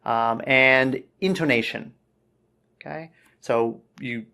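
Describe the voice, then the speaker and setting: A man teaching English, giving relaxed spoken feedback on a student's answer and checking in with "okay" as he goes. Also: medium pitch, a little slow. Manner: relaxed, explanatory, says okay often.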